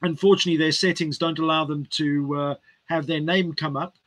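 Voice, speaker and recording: A man hosting an online event over a video call, talking in a relaxed way with many fillers. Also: on the high side, a little fast. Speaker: host.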